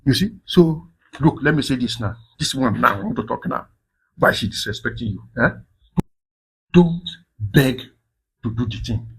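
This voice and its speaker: A man giving animated, preachy marriage advice in a casual monologue, dropping in pidgin interjections. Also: mid-range voice, normal speed, creaky, pauses often, breathy edge, low-quality recording. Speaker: relationship advice host.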